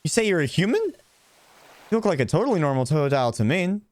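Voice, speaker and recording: A man voicing a cheerful young male Pokémon hero in a game, reading in an eager high voice. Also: big pitch swings, quick pace, a little mellow.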